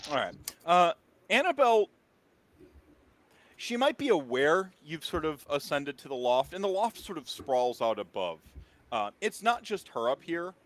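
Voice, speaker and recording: A man's voice: on the high side, big pitch swings, measured pace, fairly bright tone, a little hiss or hum. A man from the American Midwest narrating a tabletop role-playing game, rambling with lots of fillers. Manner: rambling, filler-heavy, laughing often. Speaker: game master.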